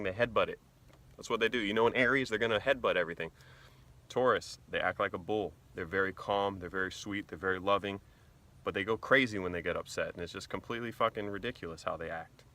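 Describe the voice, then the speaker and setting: Blunt, profane man with a low voice. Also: pushed and bright. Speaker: vlogger. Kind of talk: casual explainer.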